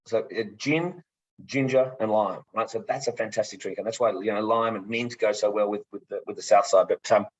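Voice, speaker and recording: An energetic man hosts a virtual gin tasting. His voice is husky and sits a little low, and the sound is somewhat muffled and lo-fi. He keeps restarting his sentences in his excitement. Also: a little fast. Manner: energetic, repeats words, lots of restarts. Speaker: distillery co-founder presenting a tasting. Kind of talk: enthusiastic casual presenting.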